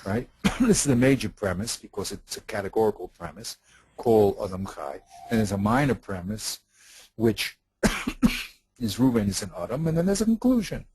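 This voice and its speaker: A man's voice: lowish voice, very animated, moderate pace, a little mellow, slightly rough, dry recording, poor audio. A man teaching in a study session, patiently explaining a text, repeating himself and checking that his partner follows.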